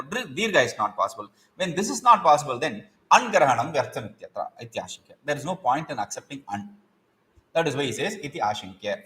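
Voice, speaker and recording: A man's voice: mid-range voice, fairly bright tone. A man teaching Sanskrit grammar in a patient lecture. He repeats terms and checks understanding as he goes. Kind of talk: explanatory lecture.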